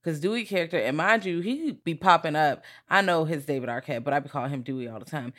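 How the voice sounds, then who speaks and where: A podcast co-host retelling a film's plot in an animated, profane, casual way. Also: medium pitch, quick pace. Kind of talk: casual movie review chat.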